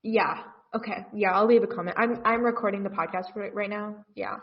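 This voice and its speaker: A woman's voice: medium pitch, brisk. Woman podcast co-host on lo-fi audio. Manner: rambling, self-interrupting, reads text deadpan. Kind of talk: casual comedic chat, reading fanfiction aloud.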